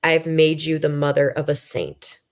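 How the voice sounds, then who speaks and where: Guest, woman, 30s, low voice, candid and self-mocking storyteller, chatty with fillers. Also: steady tone, normal speed. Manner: candid, self-deprecating, many fillers and restarts; acts out her own past thoughts in quoted voice. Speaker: podcast guest. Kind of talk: conversational storytelling.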